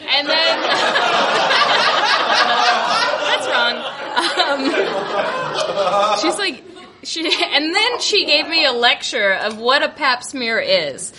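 A woman comedian tells a stand-up story in a very high, lively voice, laughing often between lines. She speaks unhurriedly on a live stage. Loud audience and noise surround the recording. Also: very slow, a loud crowd.

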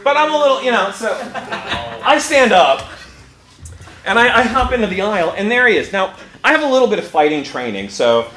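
A man spins a personal story with a high voice that leaps all over the place, laughing as he goes and acting out his own reactions. The sound is roomy and echoey, with clear noise underneath. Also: moderate pace. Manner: animated, laughs often while telling, acts out his own quoted reactions. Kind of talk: personal story told live. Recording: echoey room with background noise.

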